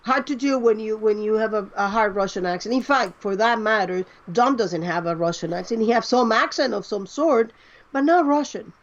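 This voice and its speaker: A woman co-hosting a casual fan podcast, animated and explaining at length. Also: medium pitch, moderate pace, lo-fi sound. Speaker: podcast co-host.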